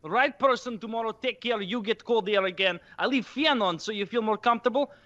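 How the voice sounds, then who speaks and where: A man's voice: sits high, a little fast, pushed and bright, highs cut off, pitched above the performer's own voice. Man doing a fussy Eastern European repairman. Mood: apologetic. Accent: Eastern European, imitated. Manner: broken English, agitated and repetitive.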